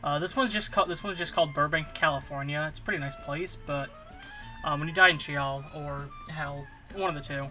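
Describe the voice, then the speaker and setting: A man's voice: fairly high pitch, brisk, pushed and bright, faint music behind. A man telling a rambling, improvised absurd story, stumbling through fillers and restarts. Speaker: comedy channel host.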